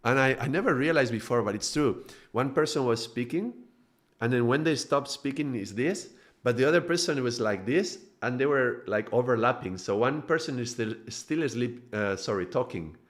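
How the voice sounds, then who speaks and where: A middle-aged man from Spain with a strong Spanish accent, a native Spanish speaker, giving a casual live-streamed talk as a spiritual teacher. He tells stories in a quick, animated way, laughing often and restarting his sentences. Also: mid-range voice.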